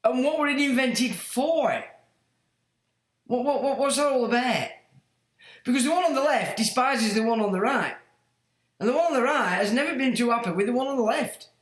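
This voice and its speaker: A man hosts a casual livestream, his high voice swinging widely in pitch. He exclaims, swears and mocks as he talks. The room around him is echoey. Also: lively intonation, moderate pace, pauses often, a bit bright. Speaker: livestream host.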